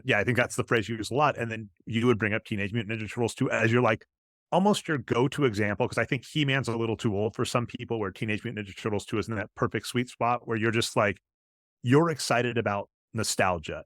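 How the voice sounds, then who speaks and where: Rambling low-voiced male podcast host. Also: fast, a bit bright, no room sound. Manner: rambling, talks in long run-on stretches; admits to going off on tangents. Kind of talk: casual chat.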